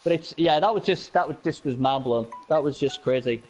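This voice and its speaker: A man commentating a video game match casually, excitable and laughing often, with many restarts and repeats. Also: on the high side, brisk, soft background music.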